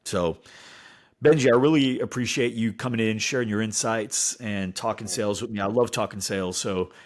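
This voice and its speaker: A man's voice: on the low side, moderate pace. A man from the United States hosting a podcast, chatting casually and laughing often. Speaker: podcast host.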